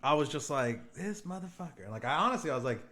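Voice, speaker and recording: A young man hosting a podcast, telling a story in a casual, profane, animated way and laughing often. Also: mid-range voice, fast talker, reverberant. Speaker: podcast host.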